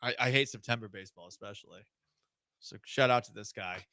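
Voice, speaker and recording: A man's voice: lowish voice, brisk, pushed and bright, no echo, studio quality. A man from Houston hosting a sports radio show, joking and teasing his co-hosts in casual banter. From Houston, Texas. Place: radio studio. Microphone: studio microphone.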